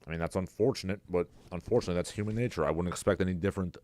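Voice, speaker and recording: Talking alone on his livestream, this male host rambles with sarcasm and reads out messages from the chat as casual solo commentary. He speaks at a racing pace in a low-sitting, dark voice.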